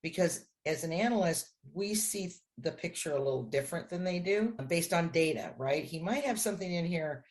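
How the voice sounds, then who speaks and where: A woman with a slightly low voice tells a story as a podcast guest. She acts out the dialogue with lively voices as she goes. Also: moderate pace, hardly any pauses. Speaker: crime analyst guest.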